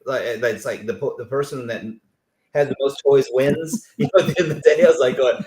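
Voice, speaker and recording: A man hosting an interview, telling stories in an animated way and acting out the people he quotes. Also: medium pitch, a little fast, echoey room, slight background noise. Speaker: host. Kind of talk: conversational interview.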